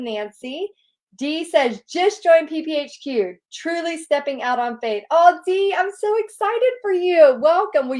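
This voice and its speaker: A middle-aged woman hosts a relaxed live Q&A and reads viewer comments aloud. Her voice sits somewhat high, and she gushes warmly and effusively over each one. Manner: bubbly, gushing, effusive. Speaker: host reading viewer questions. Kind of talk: casual live Q&A.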